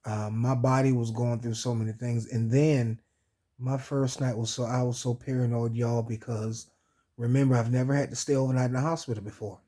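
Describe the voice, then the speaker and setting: A vlog host tells a personal story in a casual way, laughing often even though he's sore from surgery and laughing hurts. His voice is mid-range, level, warm, and a little fast, and he calls his listeners "y'all."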